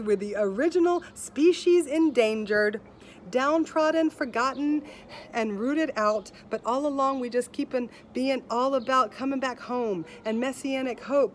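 A woman with a somewhat high voice delivers a heartfelt talk over a video call. Her speech turns rhythmic and rhyming like spoken-word poetry, often sinking softer and quieter. A faint hiss of noise sits behind her. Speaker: speaker at an online festival.

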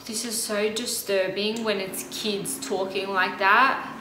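A woman's voice: medium pitch, fairly even intonation, slow, reverberant, noisy background. A woman hosting a horror game playthrough, jumpy and chatty, gasping and shrieking at scares and talking to her viewers. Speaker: gaming channel host. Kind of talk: horror game let's play commentary.

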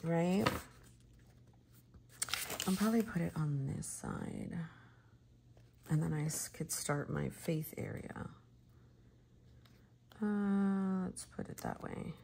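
Slow, gravelly woman chatting at home. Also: fairly low pitch, expressive, mellow, a little hiss or hum, poor audio. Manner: chatty, rambling, laughs often. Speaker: vlogger. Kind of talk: casual chat while crafting.

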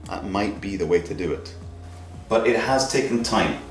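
A fairly low-voiced man talks through a hobby project as he works, chatty and thinking out loud. He drops in silly sound effects now and then. The sound is roomy and a little distant, with music playing behind him. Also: animated, moderate pace. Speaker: maker vlogger. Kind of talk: casual workshop narration.

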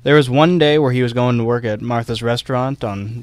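A man's voice: medium pitch, fairly quick, no room sound. A young man co-hosting a casual history podcast, telling a story loosely with fillers and small laughs. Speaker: podcast co-host.

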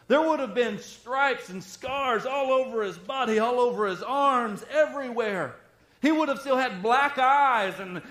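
A man preaching a sermon, retelling scripture dramatically and swinging between loud and hushed delivery. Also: very high voice, echoey room. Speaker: pastor.

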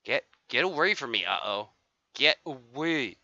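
Streamer, male, gravelly and sharply bright, excitable and swearing, dull lo-fi stream audio. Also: mid-range voice, unhurried, dry recording. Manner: excitable, swears, taunts other players. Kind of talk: live gameplay commentary.

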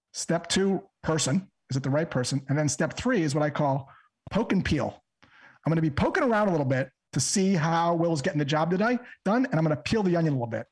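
A man, a sales trainer, calmly explaining and role-playing a cold call step by step on a podcast. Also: fairly high pitch, husky. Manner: calm, measured, breaks a method into steps. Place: podcast interview recording.

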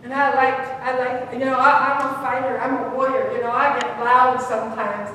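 A woman pastor preaching a sermon, swinging between loud preaching and hushed quiet, recorded in a church. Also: flat delivery, moderate pace. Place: church sanctuary. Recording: echoey church hall from far off, faint rumble.

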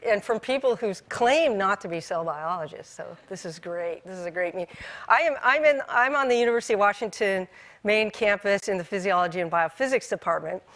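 A woman giving a scientific conference lecture, her voice scratchy from a cold, relaxed and self-deprecating with frequent fillers and restarts. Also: medium pitch. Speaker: cell biology researcher giving a talk.

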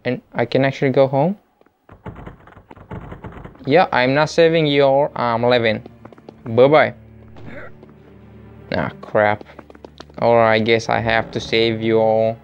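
A man giving jokey let's play commentary, with excitable, panicky outbursts. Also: medium pitch, slow pace, long pauses, highs cut off, soft background music. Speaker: gamer.

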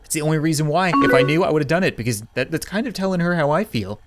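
A man's voice: fairly high pitch, expressive, racing, very noisy. A young man playing a chat game, reading messages aloud in a jokey, mock dramatic way. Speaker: gaming YouTuber.

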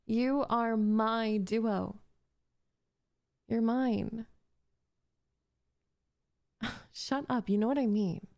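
A woman's voice: a little high, steady tone, very slow, long pauses, darkish tone, no echo, studio quality. A young woman voicing a possessive, jealous gamer girl in an audio role-play, talking in a bossy, defensive, flustered way. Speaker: voice actress.

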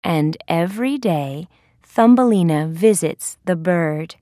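Woman narrator, very slow deliberate story reading, dry close sound. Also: lowish voice, warm tone, dry recording. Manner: careful, clear and deliberate.

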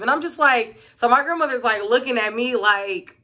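A woman's voice: on the high side, moderate pace, pushed and bright. A young woman telling stories in a casual vlog, chatty and full of "like" and "um". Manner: chatty, fills talk with "like" and "um". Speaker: vlogger and middle-school teacher.

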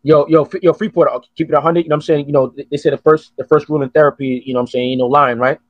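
Male podcast host, fairly high, husky voice, dry sound, swears a lot. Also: racing, no echo, muffled recording. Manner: profane, animated storytelling. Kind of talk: casual chat.

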